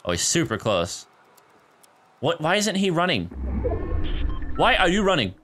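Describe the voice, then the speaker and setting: A man's voice: on the high side, big pitch swings, a little slow, over music. A man streaming a shooter game live, chatting casually with viewers, laughing often and calling them dude and guys, into a desk microphone at home. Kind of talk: casual live gameplay commentary. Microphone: desk microphone near a keyboard.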